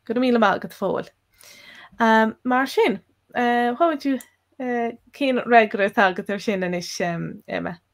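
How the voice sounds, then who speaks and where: A woman's voice: on the high side, normal speed. A woman with an Irish accent, co-hosting a live language lesson, carefully explaining example phrases and repeating them. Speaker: Irish language teacher, co-host.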